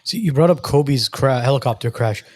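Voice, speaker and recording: A man's voice: medium pitch, moderate pace. A man co-hosting a podcast, asking casual, rambling questions with false starts. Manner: asks rambling questions with restarts.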